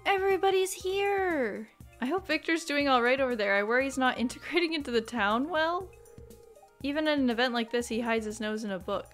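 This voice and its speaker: A young woman hosting a let's play, chatting bubbly and excitable, bursting into squeals. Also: fairly high pitch. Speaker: gaming channel host.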